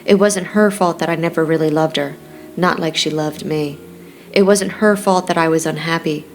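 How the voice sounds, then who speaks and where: A woman's voice: sits low, fairly even intonation, moderate pace, faint music behind. Woman narrating a romance audiobook. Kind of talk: scripted first-person narration.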